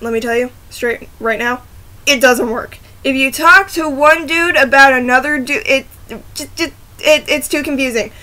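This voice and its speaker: Speaking into her laptop's camera mic, a woman with a high-pitched, bright and forceful voice vlogs casually. She rambles, giggles and keeps breaking off sentences to apologize.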